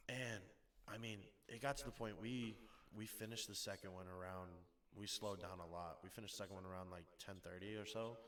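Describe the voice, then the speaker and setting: Bright-voiced young man telling stories. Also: on the low side, brisk. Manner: animated storytelling, acts out quotes, laughs often. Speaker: podcast guest. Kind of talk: casual chat.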